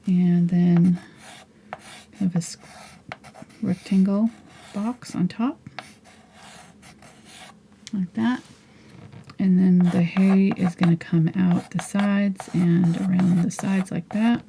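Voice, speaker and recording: A woman's voice: fairly low pitch, fairly even intonation, slow pace, pauses often, dark tone, slight background noise. A middle-aged woman teaching a live painting tutorial, chatting and thinking aloud as she works. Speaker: painting instructor.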